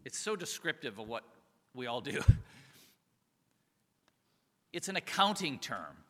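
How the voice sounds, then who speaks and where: A man's voice: mid-range voice, big pitch swings, unhurried. A man giving a conversational sermon as a pastor, often chuckling and asking his listeners rhetorical questions. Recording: reverberant hall.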